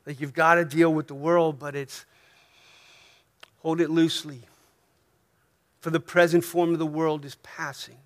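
American male pastor, high voice, conversational sermon with soft asides and emphatic swells. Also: level tone, unhurried, long pauses. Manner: conversational preaching, frequent "right?" checks.

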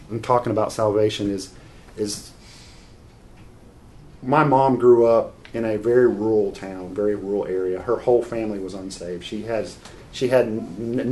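A man's voice: fairly low pitch, a little mellow, slight background noise. Earnest man preaching a sermon. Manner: earnest, unscripted, frequent restarts. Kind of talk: sermon with personal story.

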